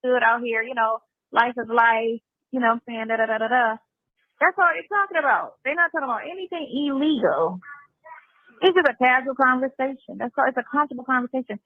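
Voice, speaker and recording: A woman's voice: sits high, fairly quick, no echo. Woman, casual rambling talker, heard over a dry, tinny phone line. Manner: rambling, acts out other voices, swears freely. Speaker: livestream guest on a phone call.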